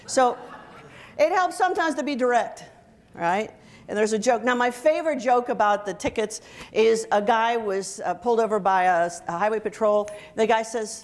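Speaking at normal speed in a fairly high pitch, a middle-aged motivational speaker addresses soldiers at a workshop in an event hall with a live audience. Her talk is lively and funny, full of jokes that engage the crowd.

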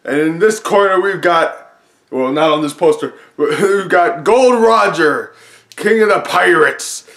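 A man doing a booming pirate ring announcer. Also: fairly bright tone. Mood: hyped. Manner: booming, drawn-out announcer delivery. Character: loud hyped male pirate ring announcer. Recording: roomy echo.

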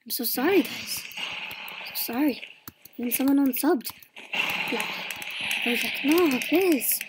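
A young woman with a high voice gives casual gameplay commentary at an unhurried pace. She pleads, gasps and rambles excitably. The home mic recording carries a noticeable hiss.

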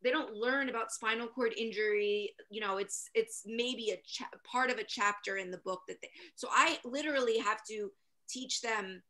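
A woman's voice: on the high side, normal speed, sharp tone. A woman playing on a game show, talking earnestly and emphatically in casual chat.

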